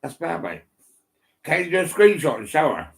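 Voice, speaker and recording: A man's voice: a little high, big pitch swings, normal speed, gravelly. Middle aged guy on his settee, rambles on, swears loads, lots of ums. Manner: rambling, heavy swearing, many ums and restarts. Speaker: vlogger. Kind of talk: casual rambling chat. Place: indoors at home, on a settee. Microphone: phone.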